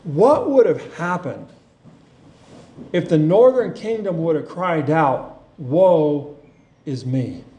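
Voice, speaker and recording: A man preaching a sermon, earnest and unhurried, reading scripture with feeling. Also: sits high, sing-song, mellow, muffled recording. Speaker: pastor. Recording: echoey room with faint ambience.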